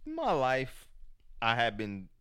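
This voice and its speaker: A man's voice: medium pitch, huge pitch swings, slow, fairly bright tone. A man in casual chat, speaking candidly and with profanity.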